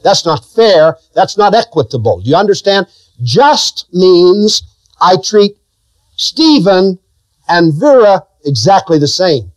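High, lively-voiced male preacher. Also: slow pace, no room sound. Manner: preaching with sudden rises and drops in pitch, asking the listeners questions. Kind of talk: sermon.

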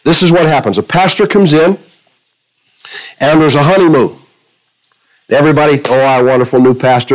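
A man's voice: medium pitch, rough recording. A man preaching a sermon to a congregation, telling illustrations and quoting scripture with shifting emphasis. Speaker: pastor.

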